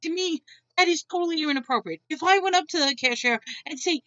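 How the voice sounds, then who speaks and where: A woman's voice: extremely high pitch, fast, pushed and bright, dry recording, lo-fi sound. A woman venting a blunt, exasperated rant to camera, swearing freely as she retells her day. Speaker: vlogger.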